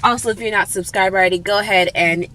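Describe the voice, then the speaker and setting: A woman's voice: mid-range voice, steady tone, fast talker, pushed and bright. A young woman vlogging casually from her car into a phone camera, chatty and giggly, full of "um" and "like". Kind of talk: casual vlog chat. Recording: music playing clearly behind. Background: music.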